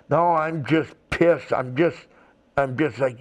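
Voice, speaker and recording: A man's voice: medium pitch, steady tone. An older man, a retired wrestler, telling rambling stories in an interview, acting out quotes and swearing freely. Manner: slow, rambling storytelling with profanity and acted-out quotes. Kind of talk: storytelling shoot interview.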